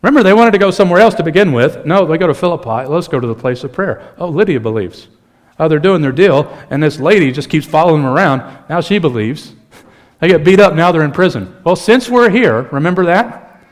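A man preaching a sermon in an animated, conversational way, mixing in humor. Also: fairly high pitch, quick pace. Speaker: pastor.

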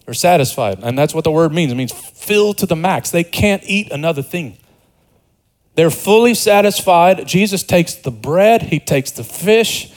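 A man's voice: fairly high pitch, lively intonation, normal speed, low-quality recording. A man preaching an expository sermon in a conversational way, repeating words and dropping joking asides.

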